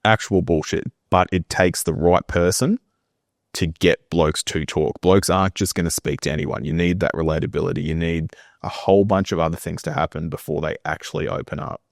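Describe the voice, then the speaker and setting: Gravelly deep-voiced man, blunt. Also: fairly even intonation, fairly quick, dry recording, clean studio sound. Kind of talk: casual talk.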